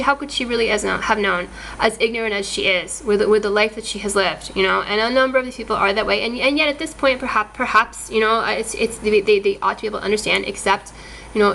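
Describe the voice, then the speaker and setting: Woman vlogger, agitated stop-start talk, slightly high and bright, faint background hiss. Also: rough recording. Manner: agitated, repeats and restarts words often. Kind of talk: casual monologue to camera.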